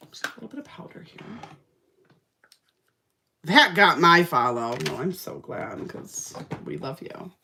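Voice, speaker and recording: A young woman with a lowish voice chats casually and sassily while doing her makeup, telling a story with lots of feeling in typical makeup-vlogger style. Her tutorial talk is animated, and there's a slight hiss or hum in the recording.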